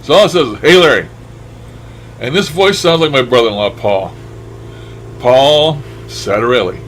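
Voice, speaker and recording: A man's voice: mid-range voice, a bit bright, poor audio. Musing older man with faint hiss. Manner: musing, chuckles often, trails off. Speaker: paranormal radio session host. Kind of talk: casual commentary over playback.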